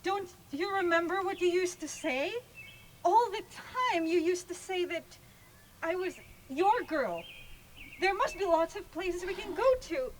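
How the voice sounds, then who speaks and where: A frightened young bride pleads in a shaky voice, played by a woman in an amateur stage play. Her voice is very high and her lines come slowly. A faint hiss sits underneath. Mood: pleading.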